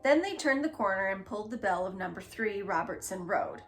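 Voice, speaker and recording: A woman reading a children's book aloud in a gentle, expressive storytelling manner. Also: medium pitch, fairly quick, faint music behind. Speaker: storybook reader.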